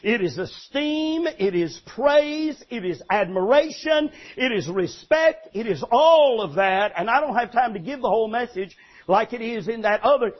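Brief: older male pastor, husky high voice, animated sermon delivery, dull lo-fi recording. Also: normal speed. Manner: animated, emphatic preaching with stammered restarts and sudden shouts.

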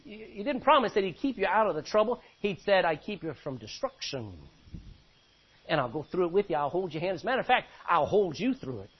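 High-voiced, husky preaching man. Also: highs cut off. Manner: preaching with rising emphatic bursts and quiet asides. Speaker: pastor. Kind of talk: sermon.

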